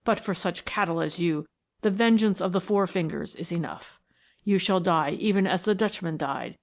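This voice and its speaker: A woman's voice: fairly low pitch, normal speed, natural voice. A woman voicing a solemn, menacing male mystic, the last of his tribe, who speaks in a grave, prophetic manner.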